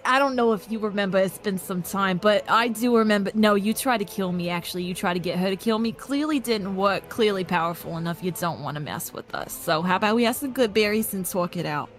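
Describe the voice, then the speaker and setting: A woman's voice: medium pitch, a little fast, hardly any pauses, faint music behind, close to an everyday voice. A woman voicing a cheeky, bold female druid in a put-on accent. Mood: defiant. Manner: playful, cocky.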